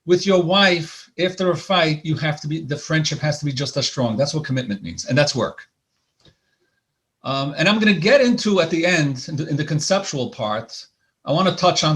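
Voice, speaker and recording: A man gives a lecture on marriage in a loose, conversational way. His voice sits a little high for a man, and he often trips into restarts and repeated words as he works toward his point. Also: animated, moderate pace, a bit bright. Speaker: couples therapist. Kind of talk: lecture presentation. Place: lecture hall.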